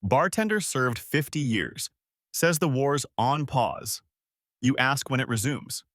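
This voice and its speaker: A man giving deadpan scripted narration in short, clipped sentences. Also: medium pitch, takes it slowly, no echo, clean studio sound.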